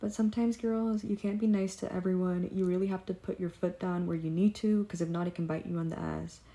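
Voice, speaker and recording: A young woman vlogger with a fairly low, brisk voice tells a story in a casual vlog. She's blunt and profane, animatedly acting out quotes as asides while she retells it.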